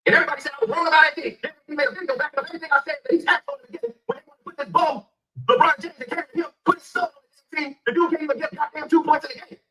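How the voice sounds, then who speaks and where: A man's voice: very high voice, rapid-fire, sharp tone, rough recording. A man, ranting angrily and profanely about basketball. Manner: heated, profane, emphatic. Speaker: sports commentator. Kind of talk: angry rant.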